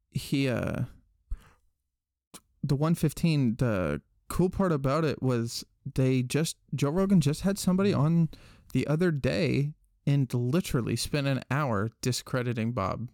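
A man's voice: medium pitch, slow, a little mellow, dry recording, studio quality. A man co-hosting a podcast, chatting loosely and swearing a lot as he rambles through stories. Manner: loose and profane, rambling retellings. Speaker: podcast co-host. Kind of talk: casual chat.

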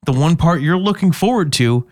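A man in casual chat as podcast co-host, telling stories in a deadpan way, with mocking asides. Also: fairly high pitch, moderate pace, no room sound, clean studio sound. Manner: deadpan storyteller, mocking put-on voices.

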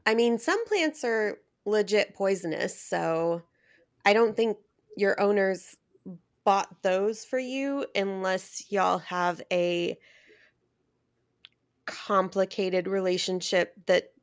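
A woman's voice: mid-range voice, takes it slowly. A woman hosting a podcast in a playful, joking manner, laughing often. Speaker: podcast host. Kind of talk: casual comedic chat.

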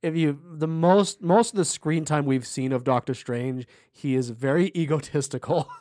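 A man's voice: a little high, moderate pace, no room sound. Laughing podcast cohost man, dry. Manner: relaxed, laughs often, uses fillers. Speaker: podcast co-host. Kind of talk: casual chat.

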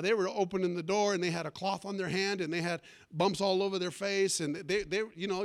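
A man preaching a fervent sermon, calling out for amens and swinging between loud and hushed delivery. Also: high voice. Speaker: pastor.

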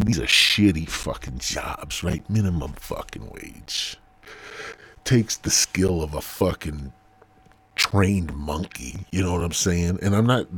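A man from the United States hosting a podcast, talking in a rambling, profane monologue and losing his thread, with a husky voice. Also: deep voice. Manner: rambling, profane, loses his train of thought. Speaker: podcast host.

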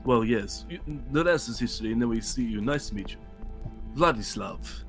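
Brief: tabletop player, middle pitch, playful in-character rambling. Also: male voice, animated, moderate pace, faint music behind. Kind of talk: tabletop role-play.

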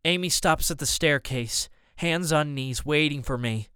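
Smooth-voiced man narrating an adventure audiobook. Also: a little high, unhurried, no echo, clean studio sound. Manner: steady, even storytelling in present tense. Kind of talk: scripted first-person narration.

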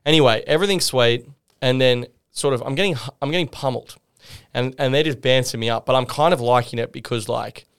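Aussie guy yarning on a podcast, smooth clear voice, lots of laughing. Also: mid-range voice, fairly quick. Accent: Australian. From Australia. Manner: animated, laughing, acts out other people. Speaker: podcast guest. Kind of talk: casual storytelling.

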